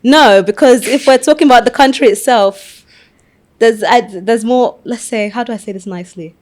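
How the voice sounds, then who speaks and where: A woman from London with a British accent, a podcast guest chatting casually, animated and laughing often as she acts out little quotes. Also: a little high, normal speed. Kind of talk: casual chat.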